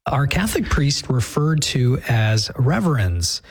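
A man hosting a call-in show, briskly thanking listeners and introducing callers. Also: medium pitch, very animated, slightly rough. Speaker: radio show host.

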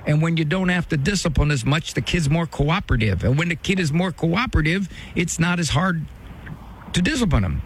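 A man's voice: on the high side, lively intonation, fairly quick, a little hiss or hum. A man hosting a call-in advice show, coaching a caller directly and bluntly. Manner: direct, coaching, acts out quoted voices. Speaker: radio advice show host.

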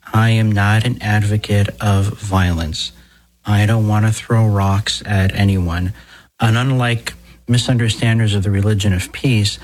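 A man, a priest hosting a radio talk show, speaking in a deliberate, wry and emphatic way, slowing down to stress key words. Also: lowish voice, slightly rough, rough recording. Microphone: studio microphone.

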